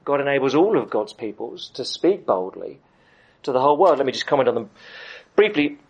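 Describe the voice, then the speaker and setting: A middle-aged man preaching a sermon, emphatic, with dramatic pauses. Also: mid-range voice, sing-song, darkish tone, breathy edge, highs cut off. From United Kingdom.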